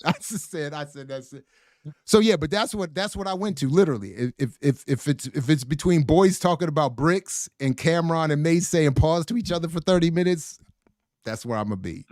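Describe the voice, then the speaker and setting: A podcast co-host with a fairly high, fairly quick voice is recorded in studio quality with no room sound. He jokes and laughs through a casual chat, telling stories in an animated way.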